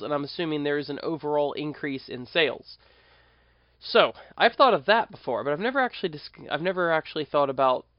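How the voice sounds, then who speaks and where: A man's voice: fairly high pitch, dry recording, highs cut off. Chatty podcast host man. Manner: chatty, self-deprecating, thinks aloud with fillers. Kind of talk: casual podcast talk.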